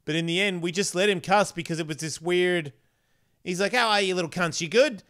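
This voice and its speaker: Animated, crude-talking male podcast host. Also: high voice, brisk. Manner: crude, animated storytelling with acted-out quotes. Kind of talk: casual chat.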